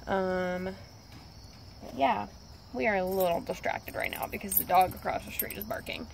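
A woman casually showing how she trains her dog, upbeat, with high excited bursts of praise. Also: moderate pace, gravelly, a little hiss or hum. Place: outdoors near a street.

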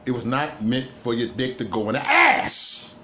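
A man ranting through a livestream monologue. His pitch swings widely as he hammers points home and stammers over restarts. A faint hiss of noise sits under the voice. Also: wildly swooping pitch, normal speed, sharp tone. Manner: emphatic, repetitive, stammering restarts. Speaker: livestream host.

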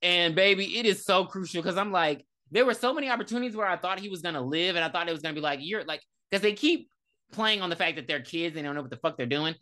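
A woman in casual podcast chat, recapping a film with profane, dramatic storytelling. Her voice is bright and ranges widely in pitch, sitting slightly low for a woman. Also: quick pace. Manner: animated, profane storytelling with dramatic quoted lines. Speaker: podcast co-host. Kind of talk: casual movie review chat.

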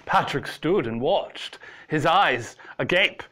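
A man reading a ghost story aloud in a slow, suspenseful way. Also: a little high, expressive, sharp tone.

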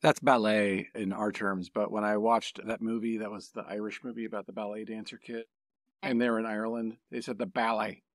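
A man co-hosting a podcast in casual chat. He makes mock-serious, deadpan jokes. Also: on the low side, fairly quick, dry recording, studio quality. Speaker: podcast co-host and artist.

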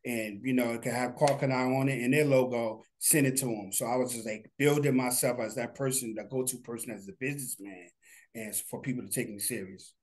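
A man's voice: mid-range voice, brisk. Laid-back man, rambling interview talk. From New Jersey. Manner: relaxed, rambling, many fillers. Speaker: guest, animation studio founder.

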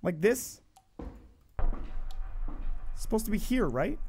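A woman streaming a horror game, commenting nonstop in a panicky, swearing way that swings from low mutters to sudden screams. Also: big pitch swings, slow pace, darkish tone, slight background noise.

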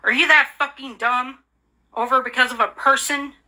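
A woman's voice: high voice, fairly even intonation, normal speed, bright, forceful tone. A woman in an angry, profane rant, hurling repeated insults and accusations. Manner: furious, profane, repetitive insults; bitter, accusing.

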